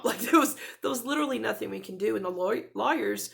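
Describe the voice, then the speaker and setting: A woman in her thirties talking to her camera in a casual, rambling way, with many restarts and soft laughs, close to tears. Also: fairly high pitch, expressive, fast, gravelly, few pauses. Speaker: vlogger.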